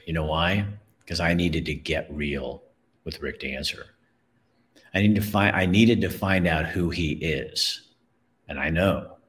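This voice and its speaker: A man's voice: low voice, fairly bright tone. A middle-aged man, host of his own show, telling a personal story in an earnest, emotional way and often repeating words.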